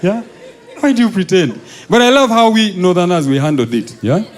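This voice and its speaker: A man's voice: high-pitched, normal speed. Ugandan man telling stand-up stories. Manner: animated storytelling, acting out characters, laughing. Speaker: stand-up comedian. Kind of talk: stand-up comedy set.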